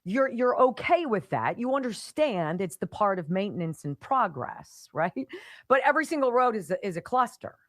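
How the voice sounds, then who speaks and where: A woman's voice: mid-range voice, big pitch swings, moderate pace, a bit bright, no echo, studio quality. A woman hosting a talk radio show, delivering an opinionated monologue with sarcastic, mocking asides. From Pittsburgh area.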